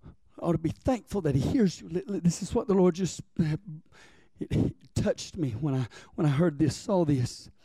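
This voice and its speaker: A man preaching a sermon in a church, building from plain talk to shouted, drawn-out peaks and calling on the congregation to respond. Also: a little high, husky, no echo, studio quality. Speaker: pastor.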